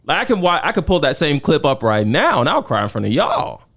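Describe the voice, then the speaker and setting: A middle-aged father with a gravelly voice, co-hosting a podcast and pressing questions in a casual debate. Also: a little high, huge pitch swings, fairly quick, a bit bright. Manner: questioning, pushes back. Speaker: podcast co-host.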